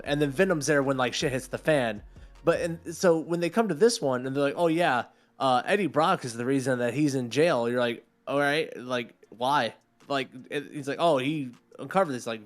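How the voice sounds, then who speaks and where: A man co-hosting a podcast, ranting in casual chat, swearing and acting out quotes. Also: medium pitch. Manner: animated, swearing, acts out quotes. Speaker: podcast co-host.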